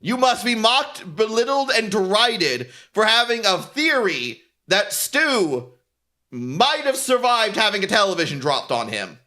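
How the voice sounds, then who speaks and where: Man, VTuber streamer, sarcastic ranting, swearing, high bright voice, lively. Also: unhurried. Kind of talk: casual stream rant.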